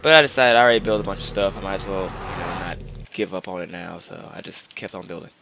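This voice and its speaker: A man's voice: low voice, steady tone, fast, creaky, sharp tone, a little hiss or hum. A man giving rambling, casual gameplay commentary into his own microphone, full of fillers and restarts. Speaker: gaming channel host. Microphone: personal microphone.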